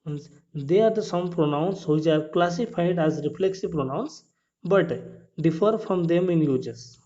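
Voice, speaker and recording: Guy teaching english grammar, slightly high voice, mellow tone, goes over each point again and asks if it's clear. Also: a little slow. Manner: explains step by step, repeats points, asks "clear?"; non-native English with grammar slips. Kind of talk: classroom grammar lesson. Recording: dull lo-fi recording.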